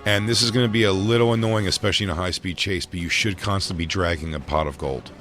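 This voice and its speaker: A man co-hosting a podcast who teases and riffs with quick wit in casual banter. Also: deep voice, steady tone, fairly bright tone, faint music behind. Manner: teasing, quick-witted. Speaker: podcast co-host.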